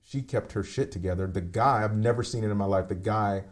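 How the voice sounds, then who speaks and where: A man on a remote call telling a painful personal story, halting, with many fillers and restarts. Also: on the low side. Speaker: podcast guest.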